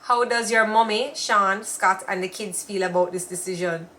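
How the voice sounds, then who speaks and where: A woman's voice: medium pitch, moderate pace, pushed and bright. A woman co-hosting a casual live show, chatting and reading viewer comments aloud. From Jamaica. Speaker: co-host of a weekly live show. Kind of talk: casual live-stream chat.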